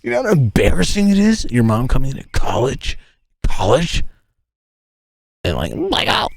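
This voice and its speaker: A man in his thirties rambles through stories on a casual livestream, cursing freely as he goes. His pitch swings widely, and the sound is close and dry with no room echo. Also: fairly quick, gravelly. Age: 30s. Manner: profane, rambling, animated storytelling. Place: inside a tent.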